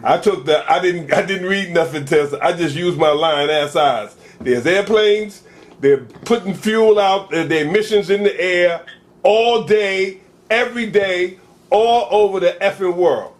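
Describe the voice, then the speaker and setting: This is a man co-hosting a casual talk show, his voice sitting high for a man. He tells stories in a loose, rambling way, full of slang and rhetorical questions. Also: a little slow. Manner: animated, storytelling, rambling with slang. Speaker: co-host.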